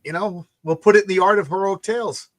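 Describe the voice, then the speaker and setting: Man, fairly high voice, tired, rambling, restarts often, casual late-night chat. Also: quick pace. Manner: rambling storyteller, many restarts and repeated words. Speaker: comic book creator hosting a launch stream.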